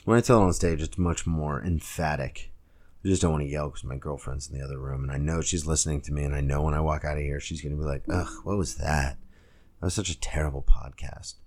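A young man hosts a solo podcast from a room at home, rambling through stories and sports talk in a loose, filler-heavy way. His voice sits very low. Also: steady tone, fast, darkish tone. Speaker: podcast host and stand-up comic. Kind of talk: casual solo podcast rant. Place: home room, girlfriend nearby.

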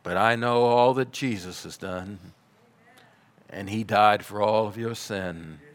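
A man preaching a sermon, telling a story in a measured way and dropping to soft, quiet passages. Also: on the low side. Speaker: pastor.

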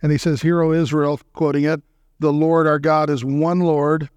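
A man preaching a sermon as a guest speaker, emphatic and often checking in with his listeners, slowing down to recite hymn and scripture lines. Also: fairly high pitch, little pitch movement, a little mellow, smooth, no echo, clean studio sound.

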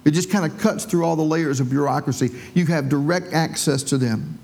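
A man's voice: fairly high pitch, brisk, vocal fry, darkish tone. A man preaching a sermon as pastor, telling the story in a conversational way with folksy asides.

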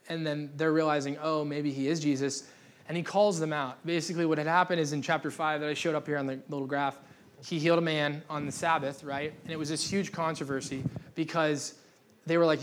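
Guy preaching sunday church, jokey and loose, voice a bit on the high side. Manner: casual, joking, restarts often. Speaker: pastor. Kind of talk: sermon. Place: church gathering.

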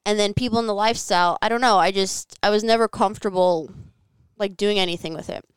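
Woman, podcast guest, candid storytelling, filler-heavy, crisp clean voice, dry close sound. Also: mid-range voice, fast talker, no room sound. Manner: frank, profane, filler-heavy with frequent "like". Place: home living room.

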